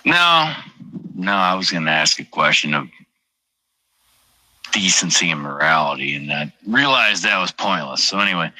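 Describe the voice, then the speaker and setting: Profane rambling man, bright dry voice. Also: low-pitched, very animated, normal speed, pauses often, dry recording. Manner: profane, rambling, reads chat aloud. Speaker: livestream host. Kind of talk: casual rambling livestream chat.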